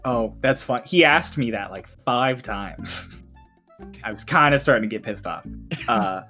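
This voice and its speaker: A man's voice: medium pitch, animated, a little slow, sharp tone, faint music behind. A man narrating as dungeon master in a casual tabletop game session, swearing and joking with players. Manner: casual, swears, plays NPC voices.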